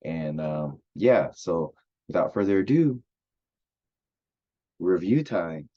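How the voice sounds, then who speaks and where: A man with a very low voice talks through an album review in a loose, chatty way. He leans on fillers like "uh" and "like" and sounds keen on the music. The recording is a bit dull and lo-fi. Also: lively intonation, slow pace, mellow. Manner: chatty, filler-heavy, enthusiastic. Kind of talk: casual music review monologue.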